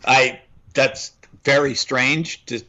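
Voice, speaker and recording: Bright-voiced man bantering on a podcast. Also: mid-range voice, steady tone, slow, highs cut off. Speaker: podcast co-host. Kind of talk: casual film review chat.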